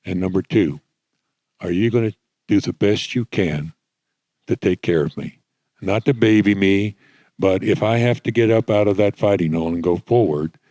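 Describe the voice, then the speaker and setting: An older man, a retired military officer, interviewing a guest on stage in a measured, plain-spoken way. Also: deep voice, warm tone, no room sound. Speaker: interviewer, retired Marine general. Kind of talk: fireside chat on stage. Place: conference stage.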